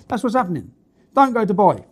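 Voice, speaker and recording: A man's voice: sits high, very animated, quick pace, a little mellow. Blunt man ranting over news. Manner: blunt, indignant, swears freely, slangy. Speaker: vlogger reading out news stories.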